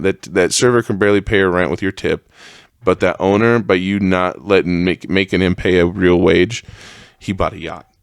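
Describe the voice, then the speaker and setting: A young man hosting a solo podcast, ranting with heavy profanity and a voice that climbs higher as he gets worked up. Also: dry recording, clean studio sound. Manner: profane, heated rant that rises in pitch. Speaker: podcast host.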